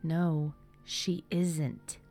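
A tired, firm older brother, speaking low and slow, sometimes half whispering, as a woman reads his lines. Soft music sits behind the storybook reading. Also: little pitch movement. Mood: weary stern.

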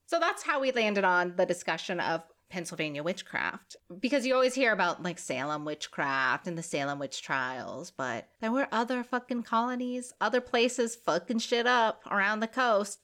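A woman's voice: mid-range voice, a bit bright. A woman podcast host telling a story in casual, profane, joking chat, sick with covid.

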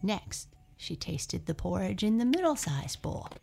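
A woman reads a children's storybook aloud at an unhurried pace, her lowish voice swinging widely in pitch. A gravelly fry runs under her words, and her asides fall to a soft breath. Faint music plays behind her. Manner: slow, expressive, drops to soft breathy asides. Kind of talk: storybook reading.

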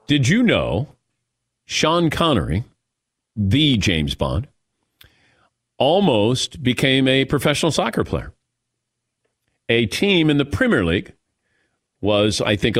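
Lively, chatty male sports radio host. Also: mid-range voice, a little slow, pauses often, dry recording, clean studio sound. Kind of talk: casual sports talk.

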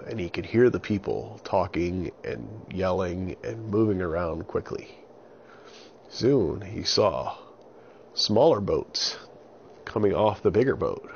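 A man with a gravelly, low voice narrates a children's story. He tells it in an animated way and throws in sound effects. The recording is dull and lo-fi, with a faint hiss.

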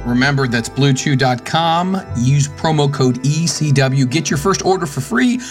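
A man's voice: medium pitch, animated, moderate pace, soft background music. A man hosting a podcast, reading a sponsor spot and asking his guests questions. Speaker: podcast host. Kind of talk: casual chat and ad read.

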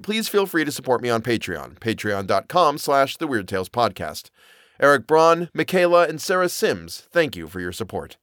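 A man narrating a horror story as a podcast host, measured and expressive. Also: medium pitch, dry recording, clean studio sound.

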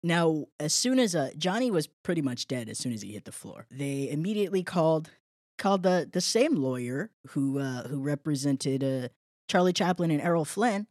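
Low-voiced wry woman podcaster. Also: animated, normal speed, darkish tone, no echo, clean studio sound. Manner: wry, laid-back, frequent uh fillers. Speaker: podcast co-host. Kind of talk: casual true-crime chat.

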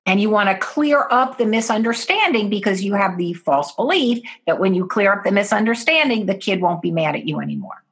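A woman's voice: medium pitch, lively intonation, fairly quick, few pauses, a bit bright. A woman guest in an interview, earnestly explaining parenting steps and acting out what parents and children say.

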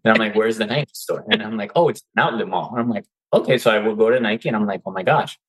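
Man, guest coach, casual interview, low-ish voice, acts out quotes. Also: fast, husky, rough recording. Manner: animated, acts out his own quoted reactions. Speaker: guest, seller turned coach.

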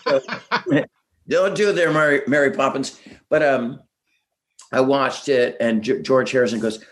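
A middle-aged man, a band singer and songwriter, telling rambling, animated stories with self-deprecating jokes in a casual interview. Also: mid-range voice, unhurried.

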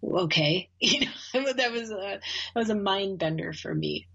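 A woman's voice: medium pitch, expressive, moderate pace, vocal fry, fairly bright tone, dull audio. A woman telling a personal story in a casual conversation, speaking earnestly with frequent small laughs and restarted phrases. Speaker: guest, course facilitator.

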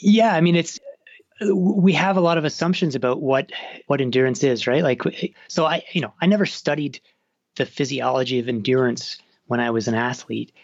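A man's voice: mid-range voice, moderate pace, no room sound. A man with a Canadian accent, an author talking casually in an interview, often restarting his sentences. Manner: chatty, self-interrupting with restarts. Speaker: author guest. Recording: dull dry sound.

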